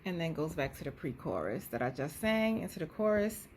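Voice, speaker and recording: A woman's voice: deep voice, big pitch swings, fairly quick, darkish tone, slight background noise. A young woman, talking casually into her phone camera, thinking aloud and singing bits of a song draft. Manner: chatty, thinks aloud, sings snatches of melody. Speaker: songwriter vlogging her process. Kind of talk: casual vlog talk, singing draft lyrics.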